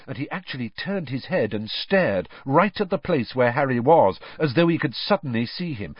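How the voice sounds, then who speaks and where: A man narrating an audiobook with a dramatic, animated reading and a lively, swooping pitch. The sound is dry, with no room echo, and slightly dull. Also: normal speed, hardly any pauses, slightly rough.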